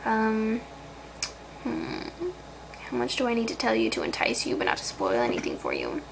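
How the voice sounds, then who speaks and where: A woman novelist casually chatting about her book, scatterbrained, with lots of fillers and throat clearing. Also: fairly high pitch, wildly swooping pitch, moderate pace, background noise.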